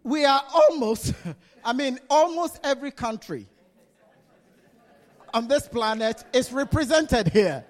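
A man preaching a sermon to his congregation, slow and deliberate, often laughing as he leads them. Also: very high-pitched, lively intonation.

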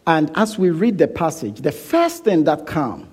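A man preaching a sermon, deliberate and emphatic, repeating phrases for weight, dropping to a hush when he prays. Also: on the high side, big pitch swings, slightly rough. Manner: soft, hushed prayer.

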